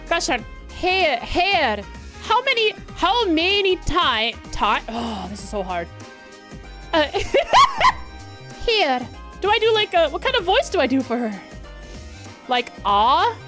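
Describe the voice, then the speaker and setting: A giggly, self-deprecating woman streaming a game and chatting casually with her viewers. Her voice is high and lively, swinging across a wide range, and faint music plays behind her. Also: slow pace, long pauses. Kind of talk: casual livestream chat.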